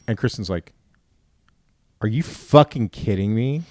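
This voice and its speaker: A man, a father and podcast host, telling a profane, animated story in casual chat and acting out the dialogue. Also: lowish voice, unhurried, pauses often, no room sound. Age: adult father.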